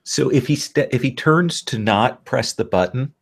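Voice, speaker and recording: A man playing a tabletop role-playing game, describing his character's actions in a measured way. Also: mid-range voice, creaky. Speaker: player.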